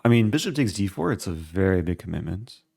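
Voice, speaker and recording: A man streaming live, thinking aloud as he calculates his moves in a relaxed, halting way. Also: sits low, creaky, no room sound, studio quality. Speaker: chess streamer. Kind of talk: live-stream game commentary.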